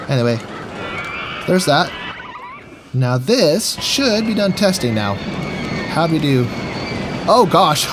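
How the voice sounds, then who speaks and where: A man's voice: on the high side, expressive, normal speed, long pauses, background noise. A man giving goofy, jokey gameplay commentary while talking to himself as he plays. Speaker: gaming video host.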